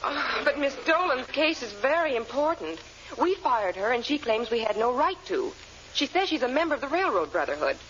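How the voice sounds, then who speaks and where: An actress playing an earnest, fussing secretary and doting wife, in 1940s radio comedy style. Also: female voice, high-pitched, very animated, moderate pace, a bit bright. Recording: dull old radio broadcast with heavy noise.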